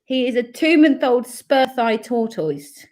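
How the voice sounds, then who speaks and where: A woman's voice: a little high, very animated, unhurried, a little mellow. A woman from Coventry in her thirties, chatting casually and laughing often on a live stream. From Coventry, England. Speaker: dementia carer and travel vlogger.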